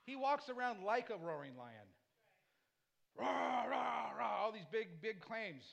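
A man's voice: high voice, sing-song, normal speed, creaky, fairly bright tone. A man pastor delivering a sermon, emphatic and repetitive, throwing rhetorical questions at the congregation between casual, conversational asides.

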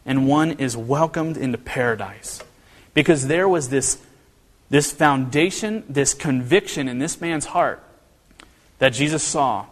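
A man preaching a sermon in a church, earnest and animated, often restarting his phrases. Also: medium pitch, in a large hall. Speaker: pastor.

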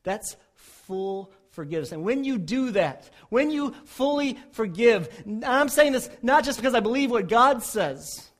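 A man preaching a sermon as pastor, rising loud when voicing prayers and dropping soft for quiet appeals. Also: very high-pitched.

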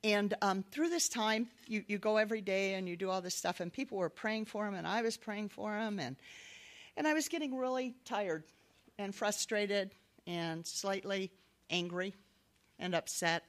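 A middle-aged woman gives a devotional talk, sharing a personal testimony in sermon style. Her mid-range voice moves at a normal speed as she tells her story earnestly, with light laughs along the way.

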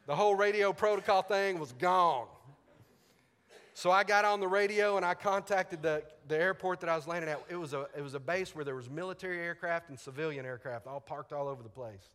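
Male pastor, fairly high bright voice, lively storyteller, big reverberant hall. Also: a little fast, smooth. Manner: animated storyteller, acts out radio dialogue, laughs often. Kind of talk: sermon with personal story.

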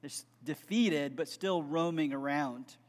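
A man's voice: a little high, a little slow, long reverb tail. A man preaching a sermon, telling a story with earnest conviction and closing in fervent prayer. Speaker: pastor.

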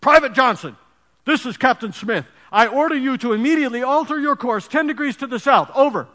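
A preacher puts on a stern navy captain who barks his orders loud and high. The voice is pitched up and forceful, and it rings with a long hall reverb. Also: expressive, moderate pace. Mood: commanding. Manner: loud, commanding radio orders.

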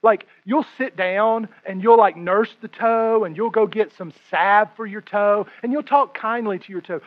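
A man in his thirties, a pastor, preaching a sermon to a congregation, swinging between hushed and loud delivery. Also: high-pitched, normal speed, few pauses. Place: room with a congregation. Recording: muffled lo-fi recording.

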